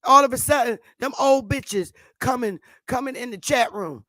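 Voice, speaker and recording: A woman's voice: a little high, normal speed, few pauses, a bit bright, dry recording, clean studio sound. A woman vlogger delivering a profane, taunting ranting monologue and laughing often.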